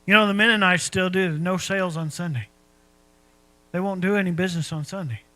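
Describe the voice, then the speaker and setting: A man's voice: high voice, fairly quick, bright, forceful tone, no room sound, poor audio. A man preaching a sermon in a folksy, conversational way, asking his listeners rhetorical questions. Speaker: pastor.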